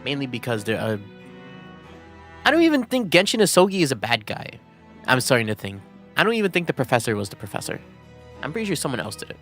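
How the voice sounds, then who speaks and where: A man's voice: medium pitch, wildly swooping pitch, quick pace, pauses often, fairly bright tone, faint music behind. A young man streaming a game, chatting casually and joking with frequent laughs. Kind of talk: casual gaming commentary.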